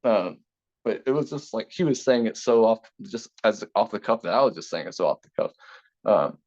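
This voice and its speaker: Laid-back young man, low voice, lo-fi. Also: expressive, a little fast, a little mellow. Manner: laid-back, many fillers and restarts. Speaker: interviewee. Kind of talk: casual storytelling. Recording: slightly dull lo-fi sound.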